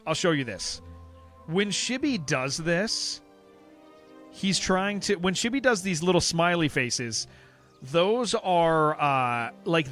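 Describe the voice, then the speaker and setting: A man's voice: fairly high pitch, a bit bright. A man live-streaming a game, chatting casually to viewers in a rambling way, often repeating himself and answering chat. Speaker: livestreamer playing an online game.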